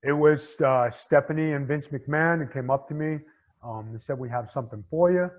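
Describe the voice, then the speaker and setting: A man's voice: a little high, moderate pace, dull audio. A middle-aged man from Staten Island with a New York accent, a former pro wrestler talking bluntly and casually in an interview. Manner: blunt, streetwise, lots of "you know".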